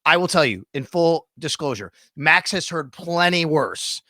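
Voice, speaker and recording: A middle-aged man, hosting a casual sports podcast and retelling stories with animated detail. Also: fairly high pitch, measured pace, no echo, studio quality. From Western New York. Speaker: podcast host.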